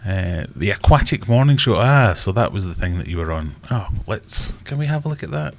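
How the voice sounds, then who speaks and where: A man's voice: lowish voice, expressive, brisk, vocal fry, slight background noise. A Scottish man hosting a casual fish-keeping live stream, rambling and joking at himself as he thinks aloud. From Scotland. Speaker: aquarium channel host.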